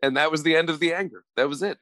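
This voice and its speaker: A man's voice: fairly high pitch, rapid-fire, no room sound. A young adult man co-hosting a podcast, telling funny stories in casual chat and laughing often. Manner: animated storyteller who laughs a lot and acts out quoted voices. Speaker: podcast co-host.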